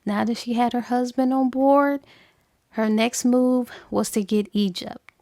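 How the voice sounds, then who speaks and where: A woman's voice: a little high, fairly even intonation, unhurried, darkish tone, dry recording, studio quality. A woman casually retelling a novel's plot in a chatty, filler-heavy book review.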